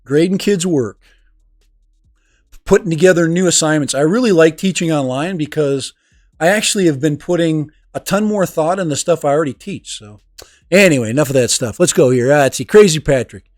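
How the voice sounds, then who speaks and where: A man's voice: on the high side, fairly quick, no room sound. A man hosting a casual livestream from home, rambling and laughing as he reads the chat into a desk microphone. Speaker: livestream host and teacher. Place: home room. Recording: dry close sound with music behind.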